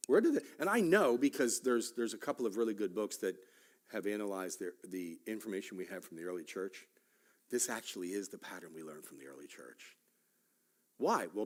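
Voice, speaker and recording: A man whose pitch sits fairly low leads a Sunday school lesson at church, chatting with the class and slipping in jokes. He often pauses to ask "right?" or "okay?"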